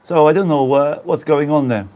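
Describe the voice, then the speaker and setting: Man, live-stream host from the Black Country, casual and rambling, voice on the higher side. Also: normal speed, mellow, highs cut off. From Black Country, England. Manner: rambling, chatty, greets viewers by name.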